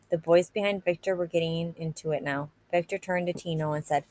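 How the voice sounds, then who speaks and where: A woman reading a novel aloud in a steady, plain narrating manner. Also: fairly low pitch, brisk, hardly any pauses. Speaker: reader.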